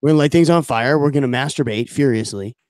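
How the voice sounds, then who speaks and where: A man's voice: medium pitch, quick pace, a little mellow, dry recording, clean studio sound. A man co-hosting a podcast, riffing in a crude, swaggering, jokey way. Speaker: podcast co-host. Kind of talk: casual crude banter, mock-macho segment.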